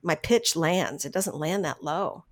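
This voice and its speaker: A middle-aged woman, a voice actress, telling stories from her career in a casual interview, animated, laughing often and restarting her sentences. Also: sits low, unhurried. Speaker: voice actress guest.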